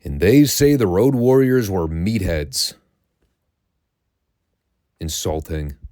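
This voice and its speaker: A man's voice: low-pitched, sing-song, slow, dark tone, no room sound, studio quality. A middle-aged man hosting a recap podcast, telling stories in a sardonic, profane and amused way. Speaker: podcast host.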